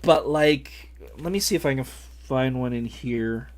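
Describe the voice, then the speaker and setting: A man's voice: mid-range voice, a little slow, slight background noise. A man in his late thirties hosting a podcast, telling a rambling, self-mocking story with laughs. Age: late 30s. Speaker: podcast host. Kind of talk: casual podcast chat.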